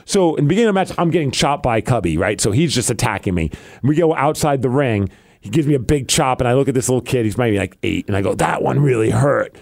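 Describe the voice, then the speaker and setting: A man in mid pitch chatting on his podcast, animated and quick to laugh. He tells long stories and acts out what people said. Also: no echo, studio quality. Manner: animated storyteller who laughs and acts out quotes. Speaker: podcast host and wrestler. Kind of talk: casual chat.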